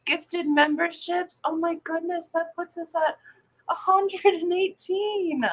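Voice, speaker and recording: A woman's voice: very high-pitched, a little slow, fairly bright tone, rough recording. A woman hosting a casual morning livestream, giggling often as she greets viewers and chats with her co-host.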